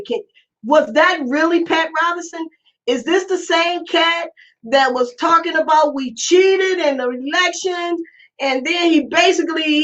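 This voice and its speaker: Woman commentator, high voice, animated and incredulous, muffled lo-fi sound. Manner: incredulous, exclaiming, rhetorical questions. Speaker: host. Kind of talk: casual commentary. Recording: lo-fi muffled recording.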